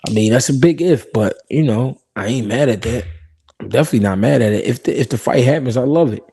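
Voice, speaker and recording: Quick-paced and husky, this man's mid-range voice is warm in tone with a creaky texture. Hosting a live boxing talk stream, he's laid-back and slangy, reads comments from viewers, laughs plenty, and repeats himself.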